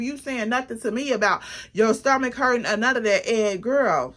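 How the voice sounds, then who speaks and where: Host of a casual storytime vlog, a woman with a bright, fairly high voice; blunt, animated and profane. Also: normal speed, hardly any pauses.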